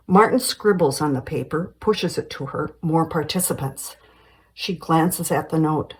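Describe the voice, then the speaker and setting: A woman's voice: deep voice, unhurried, a little mellow, slightly rough, rough recording. A woman screenwriter reading a screenplay aloud, giving stage directions plainly and evenly.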